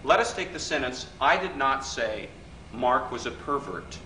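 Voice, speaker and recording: A man's voice: medium pitch, lively intonation, unhurried, pushed and bright, far from the mic. A man leading a live workshop, talking conversationally and often checking whether the audience agrees. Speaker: workshop leader. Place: hotel function room. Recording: echoey room recording from afar, faint hiss.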